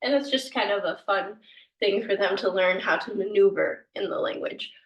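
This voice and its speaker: A woman's voice: medium pitch, normal speed, echoey room, far from the mic, dull audio. A woman whose first language is English, teaching a language lesson in a patient, informal way with many ums and self-corrections.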